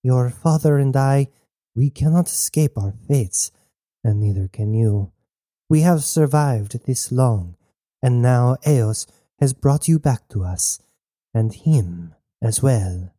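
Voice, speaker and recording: A man voicing a cold, intense mother and former revolutionary who speaks calmly and formally. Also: mid-range voice, slow, no echo, studio quality. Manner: calm, formal speech without contractions.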